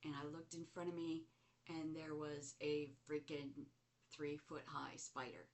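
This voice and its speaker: A middle-aged woman hosting a show, slowly and reflectively telling a personal story. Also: sits low. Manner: slow, reflective, animated when recounting. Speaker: host. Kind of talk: casual spoken storytelling.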